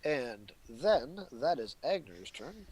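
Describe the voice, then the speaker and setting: A man running a tabletop game as dungeon master, painting scenes in an easygoing, descriptive way. His voice sits at an ordinary middle pitch for a man, without anything unusual in its tone. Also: very animated, slow pace, darkish tone, poor audio.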